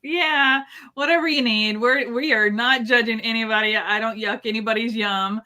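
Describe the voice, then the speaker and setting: A woman's voice: fairly high pitch, steady tone, moderate pace, sharp tone. A woman co-hosting a live crafting stream from her home studio, bubbly and welcoming, often laughing. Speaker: livestream co-host. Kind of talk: excited live-stream chat.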